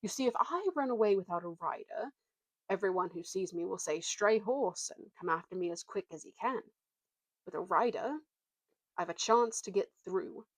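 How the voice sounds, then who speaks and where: A woman's voice: medium pitch, animated, normal speed, no room sound, natural voice. A woman voicing a proud male talking warhorse, haughty and lofty, drawing out her words.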